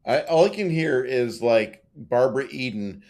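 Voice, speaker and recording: A man chatting casually, chiming in on the conversation in a relaxed way. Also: mid-range voice, normal speed, hardly any pauses. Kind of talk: casual chat.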